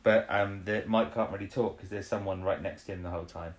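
A man's voice: low-pitched, fairly even intonation. A man co-hosting a casual chat, recapping an episode. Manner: rambling, acts out characters' lines in quick impressions. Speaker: podcast co-host. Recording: echoey room.

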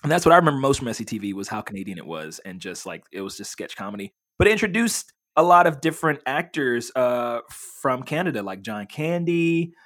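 A man's voice: medium pitch, very animated, brisk, hardly any pauses, a bit bright. A man co-hosting a casual chat, rambling with many fillers and restarts as he tells a story.

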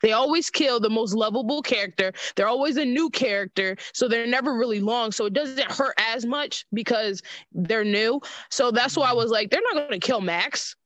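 A woman chatting as a podcast guest, expressive and quick to rise in pitch when excited. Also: no room sound. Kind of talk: casual chat.

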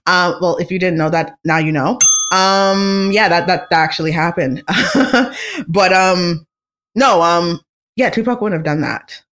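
Excitable fan vlogger, rambling casual chat, mid pitch. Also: a little slow.

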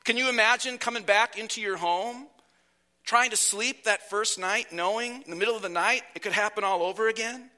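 Preacher, man, sick and slightly whiny, high bright voice, earnest and emphatic. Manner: earnest, emphatic preaching with slow drawn-out phrases. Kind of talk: sermon.

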